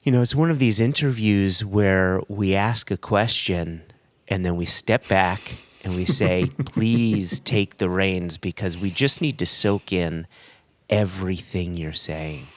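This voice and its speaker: A man's voice: deep voice, unhurried, no room sound. A man from the US co-hosting a casual podcast, rambling and self-deprecating, laughing often between thoughts. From United States. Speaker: podcast co-host.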